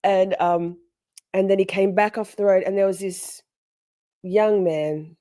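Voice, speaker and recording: A middle-aged woman tells a story on a live stream, chatty and animated, stopping to greet viewers. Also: mid-range voice, a little slow, no echo, studio quality.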